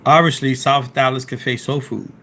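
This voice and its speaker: A man from South Philadelphia, USA, with a Philly accent chats casually on a live stream and reads the chat aloud, rambling and restarting sentences as he fights a sore throat. His voice is medium-pitched, steady, pushed and bright at normal speed, with a little hiss or hum.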